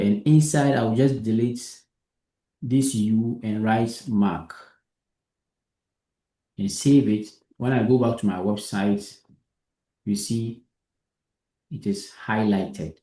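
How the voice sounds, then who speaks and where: A man's voice: on the low side, warm tone, echoey room. A man teaching a live coding lesson, patient, who keeps asking if his student understands. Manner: patient, repeats himself and checks understanding.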